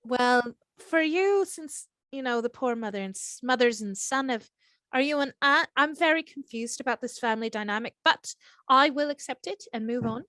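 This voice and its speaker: A woman's voice: high voice, moderate pace, sharp tone, no room sound. A woman voicing a cheerful airy female elemental tavern keeper in an attempted Irish accent, chatty and welcoming in a tabletop role-play. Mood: teasing. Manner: chirpy, welcoming, chatty innkeeper.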